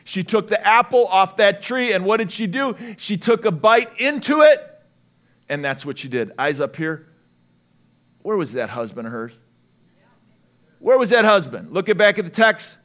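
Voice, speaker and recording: A man preaching a sermon as pastor, lively and emphatic, at times rising to shouts. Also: sits high, normal speed, long pauses.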